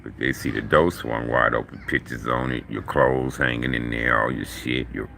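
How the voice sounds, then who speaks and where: A middle-aged man telling stories casually in a profane, slangy, animated way. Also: a bass voice, normal speed, creaky, a little hiss or hum. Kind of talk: casual storytelling.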